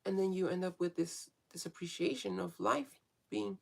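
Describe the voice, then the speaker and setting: Woman vlogging, super gravelly fry-heavy voice, rambles and swears a lot. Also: on the low side, normal speed, darkish tone. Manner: frank, swears freely, many fillers and restarts. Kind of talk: casual rambling monologue.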